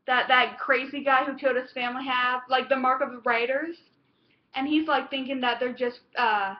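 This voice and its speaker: A woman's voice: sits high, slight background noise. A woman recapping a TV episode in casual chat, rambling and gushing, with lots of fillers and restarts. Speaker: TV episode reviewer. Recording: dull lo-fi home recording.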